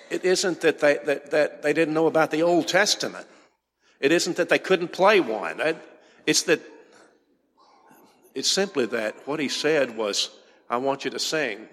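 A man's voice: medium pitch, fairly bright tone. A man preaching a sermon from a church pulpit, pressing his points with repeated rhetorical questions. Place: church sanctuary. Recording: long hall reverb.

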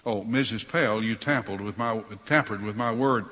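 A preacher voicing God as a stern male judge who rebukes slowly and firmly, in a husky voice. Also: lowish voice, sharp tone. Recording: long hall reverb.

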